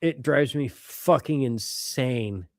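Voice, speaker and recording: A middle-aged man co-hosting a podcast in casual chat, animated and quick to swear and laugh. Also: medium pitch, no echo, studio quality. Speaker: podcast co-host.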